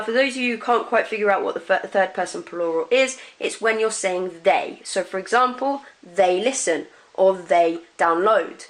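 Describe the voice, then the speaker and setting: Woman teacher, patient classroom delivery, drills words slowly. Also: mid-range voice. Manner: clear, patient, repeats example words slowly. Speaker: French teacher. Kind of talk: classroom pronunciation lesson.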